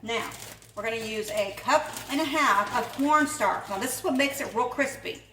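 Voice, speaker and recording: Recorded from a distance in an echoey home kitchen with faint noise, a home cook and channel host talks off-mic in a slightly high, sharp-toned voice at normal speed. Her cooking vlog is casual and chatty, rambling along with frequent laughter.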